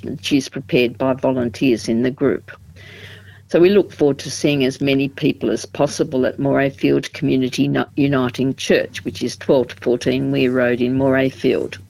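A woman, a support group representative explaining things in a measured way during a radio interview, with frequent ums and restarts. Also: rumbling low, vocal fry, a little mellow, rough recording.

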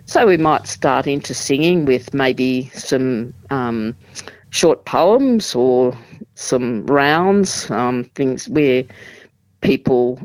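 Woman, community group rep, steady and explanatory, thinks aloud with ums. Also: very deep voice, dry recording, poor audio. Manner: measured, explanatory, with frequent ums and restarts. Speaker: support group representative. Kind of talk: radio interview.

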